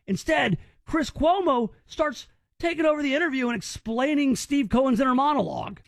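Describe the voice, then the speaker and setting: A talk radio host, male, picks apart news clips with an incredulous, sneering tone, speaking at normal speed. His pitch sits high and swings around animatedly. The audio is close and dry, free of any echo.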